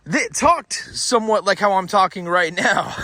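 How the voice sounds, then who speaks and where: Lively, bright-voiced country man rambling. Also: high voice, a little slow, dry recording, clean studio sound. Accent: Southern US country. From Florida, US. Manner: rambling, jokey, swears a lot. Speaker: paranormal vlogger. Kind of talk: casual vlog chat. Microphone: phone camera held by a companion.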